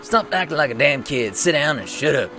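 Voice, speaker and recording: A man voicing a gruff, blustering male rebel leader, shouting his lines over game music. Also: lowish voice, unhurried. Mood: angry.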